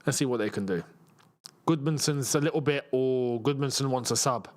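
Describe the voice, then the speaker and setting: A young man from England hosting a live football watchalong, reacting loudly to the match and chatting with viewers. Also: mid-range voice, normal speed. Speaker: football channel host. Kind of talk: live watchalong commentary and chat.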